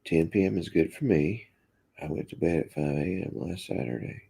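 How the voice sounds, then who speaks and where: This Kentucky livestream host speaks low and at a normal speed, his voice gravelly and slightly rough. In an easygoing Southern drawl, he reads out chat messages and responds to them, sounding somewhat congested and coughy.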